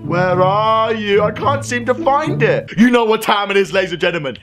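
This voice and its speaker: A young man commentating his gameplay, excitable, often yelling, laughing and swearing. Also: sits high, normal speed. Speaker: gaming commentator. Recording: game music behind the voice. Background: game music.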